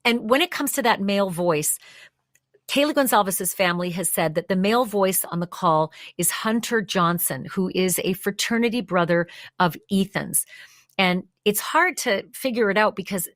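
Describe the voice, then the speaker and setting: A woman's voice: mid-range voice, moderate pace, fairly bright tone, no room sound, clean studio sound. A woman hosting a true crime show, talking through the evidence step by step in a conversational way. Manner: acts out quoted lines with more energy. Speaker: true crime channel host.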